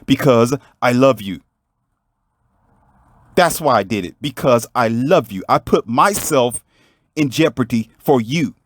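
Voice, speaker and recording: A man's voice: mid-range voice, animated, unhurried, pauses often, dry recording. A man voicing a young brother who speaks earnestly to his sister. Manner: earnest, insistent. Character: devoted young brother who nearly drowned.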